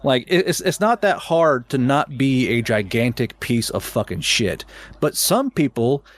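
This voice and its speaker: A man's voice: mid-range voice, lively intonation, unhurried. A man from Oklahoma, ranting heatedly in a casual podcast chat, swearing often and stumbling over repeated words. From Oklahoma, USA. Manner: heated, profane ranting with many stuttered restarts.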